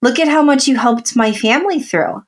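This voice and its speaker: A woman's voice: sits high, normal speed, a little hiss or hum. A woman co-hosting a podcast in casual chat, tearful and supportive of her friend, recorded over a remote call. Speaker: podcast co-host.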